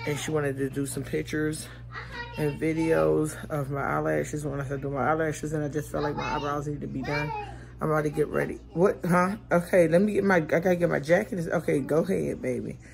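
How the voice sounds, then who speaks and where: A deep-voiced woman in her forties, a vlogger and mother, speaks a little fast with a steady tone and vocal fry. She rambles to camera in a casual chat, at home and afterward in a parked car, unable to open her mouth fully following tooth extractions.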